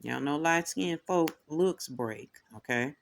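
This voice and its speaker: A man's voice: a little high, slow pace, gravelly. A man giving a tarot reading as the host, talking in a sassy, casual way and often calling the listeners "honey" and "y'all". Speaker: tarot reader. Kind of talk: casual commentary.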